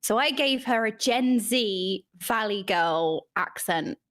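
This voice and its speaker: A woman guest on a casual podcast who tells her stories in an animated way. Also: medium pitch, slow. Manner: animated storytelling. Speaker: streamer guest.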